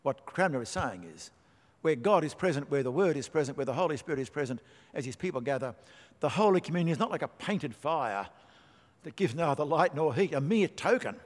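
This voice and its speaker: Male preacher, emphatic and wry, fairly high voice, echoing church hall. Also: lively intonation, fairly quick. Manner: emphatic, rhetorical questions, dry asides. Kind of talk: sermon. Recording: long hall reverb.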